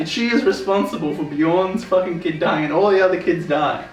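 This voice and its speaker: A young man co-hosting a TV review chat, his voice a little high as he swears and retells stories between laughs. He sits back from the mic in a room that rings with echo. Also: normal speed, faint music behind. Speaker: podcast co-host. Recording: roomy room, distant mic.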